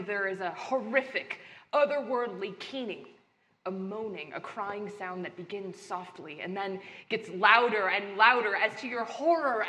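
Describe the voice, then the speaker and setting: A woman's voice: medium pitch, pushed and bright. A woman narrating a live tabletop horror game as game master, telling the story in a dramatic, descriptive way. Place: convention main stage. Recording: live stage hall, faint noise.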